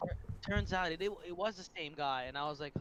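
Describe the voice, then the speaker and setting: A man's voice: a little high, quick pace, a bit bright, slight background noise, low-quality recording. Rambling young man telling stories. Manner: rambling storyteller, swears, laughs often. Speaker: co-streamer. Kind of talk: casual stream chat.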